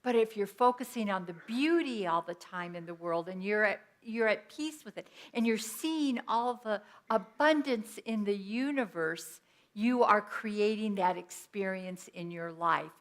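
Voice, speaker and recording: A middle-aged woman minister giving a sermon, telling personal stories in an animated way with quoted asides. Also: medium pitch, unhurried.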